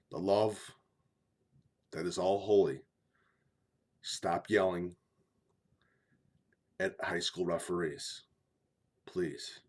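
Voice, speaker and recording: A man who is a former high school line coach, talking bluntly and repetitively, pleading and swearing casually in an opinion monologue. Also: slightly rough.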